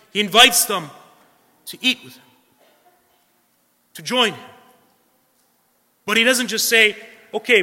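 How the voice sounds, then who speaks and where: A man's voice: high-pitched, bright, forceful tone. Earnest preaching man in a reverberant hall. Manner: earnest, repeats points, tag questions. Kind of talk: sermon.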